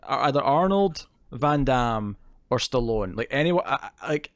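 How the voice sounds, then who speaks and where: A man's voice: mid-range voice, lively intonation, a little slow, dry recording, clean studio sound. A man co-hosting a podcast in casual chat, rambling and laughing often. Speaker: podcast co-host.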